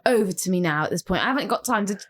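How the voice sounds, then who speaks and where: A woman's voice: medium pitch, rapid-fire. A young woman from England co-hosting a podcast, telling a story casually and animatedly, swearing freely and acting out what people said. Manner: animated, swears freely, acts out quoted lines. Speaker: podcast co-host.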